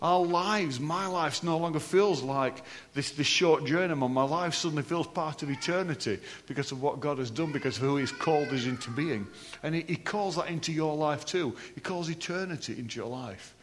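A man preaching a sermon, animated and joking with the congregation between readings. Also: a little high, normal speed, slight background noise. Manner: animated, jokey asides with the congregation. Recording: long hall reverb.

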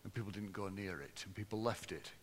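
A man preaching a sermon to a congregation, swinging between loud, lively passages and low, hushed ones. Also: fairly quick, slight background noise. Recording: long hall reverb.

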